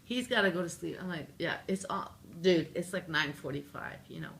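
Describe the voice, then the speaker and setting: Her voice is gravelly and lowish, and she talks fairly quickly: a singer-songwriter from Canada, guest on a casual interview, recounting a funny story. She's lively and jokey, acting out what she said herself.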